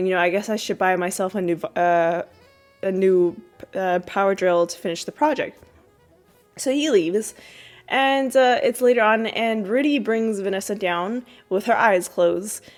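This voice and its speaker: Woman podcaster rambling through a tv recap, lots of ums and restarts, mid pitch, goes way up when quoting people. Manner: rambling, many fillers and restarts; jumps high when quoting characters. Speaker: podcast host. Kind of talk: casual episode recap.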